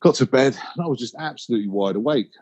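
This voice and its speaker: A man's voice: medium pitch, animated, fast, a little mellow, slightly rough. A man with a Cockney London accent, hosting a solo podcast and telling personal stories in a reflective way. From London, England. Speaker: podcast host. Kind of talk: casual solo podcast monologue.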